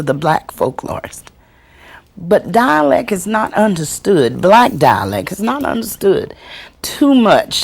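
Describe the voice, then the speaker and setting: A woman storyteller teaching a workshop and answering audience questions, expressive and deliberate, acting out the voices she quotes. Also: on the low side, vocal fry, husky. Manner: slow, deliberate delivery with chuckles.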